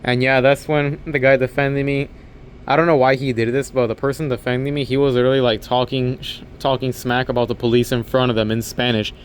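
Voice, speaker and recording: A young man talks straight to camera, retelling events in a loose, rambling way and often stopping to quote others. His voice sits at an ordinary middle pitch. A faint hum runs underneath. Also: little pitch movement, fairly quick. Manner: rambling retelling, quoting others, restarting sentences, laughing. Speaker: vlogger and overnight convenience store clerk. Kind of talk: casual storytelling to camera.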